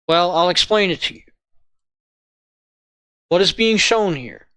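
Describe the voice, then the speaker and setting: A man walking viewers through a logic lesson in a halting way, often checking in with "right?" and "okay?". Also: high voice, animated, a bit bright, clean tone, no room sound. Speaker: logic tutor. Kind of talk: informal lesson walkthrough.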